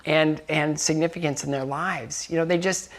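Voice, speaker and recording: A man talking as a guest at a casual dinner-table conversation, an animated storyteller who acts out dialogue and laughs often. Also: on the high side, normal speed.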